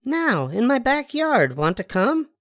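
An older man reading a storybook aloud, putting on a high falsetto voice for a bossy, theatrical little girl who fancies herself a star. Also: sing-song, a little slow, a bit bright, no echo, studio quality, full character voice.

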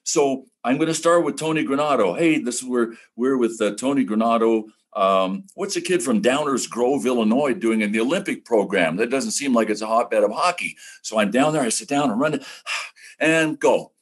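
An older man, a retired broadcaster, telling animated stories as a podcast guest and acting out other people's lines. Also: medium pitch, normal speed, breathy edge. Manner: animated, acts out quoted voices. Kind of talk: casual podcast storytelling.

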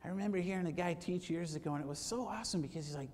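A man preaching a sermon to his congregation, lively and conversational, calling for amens and acting out quoted voices. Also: sits high, very fast, few pauses, big-room sound. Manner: animated, acts out quoted voices, asks for amens. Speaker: pastor. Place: church sanctuary.

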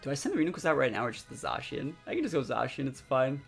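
A young man chatting excitedly as he commentates his own competitive game match, full of fillers. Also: medium pitch, fast talker, creaky. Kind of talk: live gameplay commentary. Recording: faint background music.

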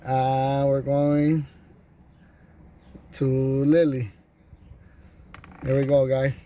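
A man vlogs casually on his phone camera from his truck and an alley, laughing often and teasing his viewers. His mid-range voice is monotone, very slow and dark in tone.

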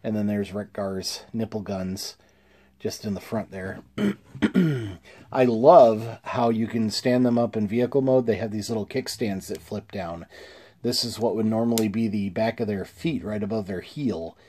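A man chatting through a toy review in a mellow, darker tone. He sounds a little congested, clears his throat now and then, and keeps it easygoing with plenty of "uh"s and restarts. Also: lowish voice, measured pace. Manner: easygoing, chuckling, many fillers and restarts.

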